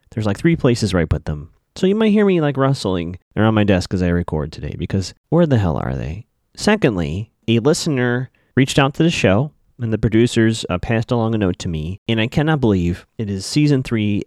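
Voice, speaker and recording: A man's voice: fairly low pitch, darkish tone, no room sound. A man hosting a casual recap podcast, chatty and wry, swearing now and then, on a close desk mic. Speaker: podcast host.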